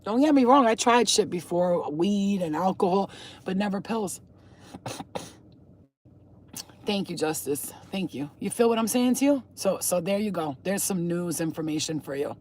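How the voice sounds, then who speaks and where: A woman vlogger speaks with a husky, slightly rough tone. She talks directly to her viewers as a spiritual healer and reader. Her manner is blunt, emphatic and full of casual swearing. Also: medium pitch, expressive, normal speed, darkish tone. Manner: talks straight to the camera, addressing viewers. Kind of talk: casual vlog talk to viewers.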